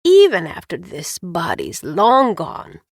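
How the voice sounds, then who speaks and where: A woman reading an audiobook voices a frail, tender 83-year-old woman, speaking hoarsely, slowly and gently. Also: on the low side, huge pitch swings, no echo, clean studio sound, pitched below the performer's own voice, heavily acted. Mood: gentle. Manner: slow, soft and gentle. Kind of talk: audiobook character voice.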